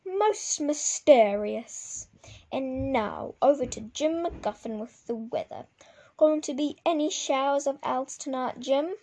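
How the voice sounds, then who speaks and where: A woman's voice: high-pitched, a little slow, darkish tone. Woman reading as a formal male newsreader. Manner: formal broadcast delivery.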